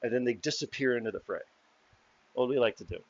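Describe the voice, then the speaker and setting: A man's voice: medium pitch, fast, no room sound, lo-fi sound. A man narrating and running a tabletop game in a casual, loose manner, swearing freely. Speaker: game master.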